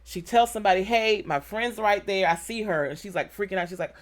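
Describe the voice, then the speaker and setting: A woman vlogger casually telling a personal story, animated and emotional, acting out quoted exchanges. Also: fairly low pitch, fast talker, few pauses.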